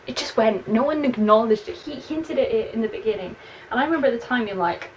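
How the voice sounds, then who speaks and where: A woman's voice: medium pitch, a little fast. A young woman with an English accent, chatting expressively through a book review and reading passages aloud, with frequent "like" fillers. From England. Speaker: book vlogger. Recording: slightly distant mic with faint room noise.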